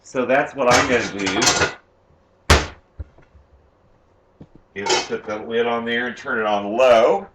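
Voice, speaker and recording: A man's voice: medium pitch, moderate pace, echoey room, noisy background, natural voice. A man playing a sassy, campy woman home cook who hosts a comic cooking show from a home kitchen and teases the audience as she goes. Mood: chatty. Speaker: cooking show host character.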